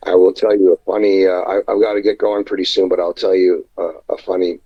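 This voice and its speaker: A man, a wrestler guest, telling a rambling anecdote in a casual interview, halting and full of fillers. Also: sits low, level tone, husky, lo-fi sound. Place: indoors at night, remote call.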